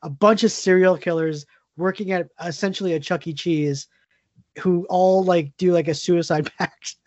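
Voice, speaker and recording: Laid-back podcast dude, lots of um and like, dry close sound, kinda muffled. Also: male voice, high voice, steady tone, darkish tone, dry recording. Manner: easygoing, halting with fillers and laughs. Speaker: podcast co-host. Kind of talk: casual movie chat.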